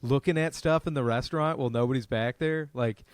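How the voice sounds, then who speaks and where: A man, a comedian and podcast co-host, telling a profane story in lively casual chat. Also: mid-range voice, brisk, clean tone, no room sound. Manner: animated, profane, acts out other people's lines.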